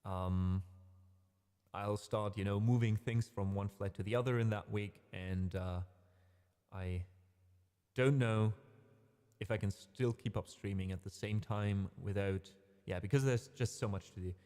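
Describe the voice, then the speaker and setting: A man's voice: fairly low pitch, steady tone, measured pace, a little mellow, in a large hall. A man hosting a casual music livestream, rambling a little, correcting himself and talking to his chat in a friendly way. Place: home streaming room.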